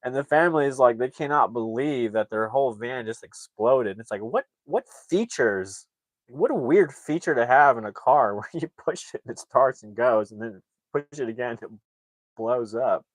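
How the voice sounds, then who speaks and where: A man's voice: mid-range voice, moderate pace, dry recording. Man rambling through a movie recap. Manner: rambling, animated retelling with acted-out quotes. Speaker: movie reviewer. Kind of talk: casual plot recap.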